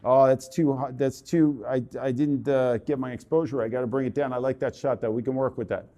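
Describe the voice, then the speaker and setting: A man coaching a portrait subject through a photo shoot, giving brisk, repetitive commands over a live video call. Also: mid-range voice, steady tone, dark tone.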